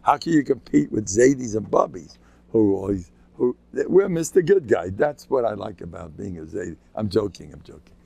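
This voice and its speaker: Gravelly older rabbi, joking and chatty. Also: male voice, fairly low pitch, very animated, moderate pace, dark tone, no echo. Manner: chatty, joking, chuckles between stories. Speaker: rabbi giving a class. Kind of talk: informal humorous talk.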